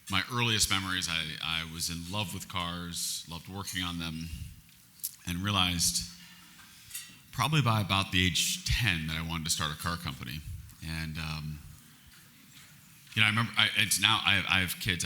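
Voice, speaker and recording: A man's voice: low voice, sharp tone. A man in his forties, a company CEO, answering on stage in a reflective, earnest way with frequent restarts. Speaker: company CEO, guest speaker. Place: event hall on stage.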